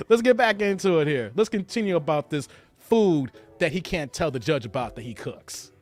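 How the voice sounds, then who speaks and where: A man's voice: a little high, lively intonation, normal speed, soft background music. A man hosting a live reaction show, reading out chat comments and laughing often. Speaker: show host reacting to a clip.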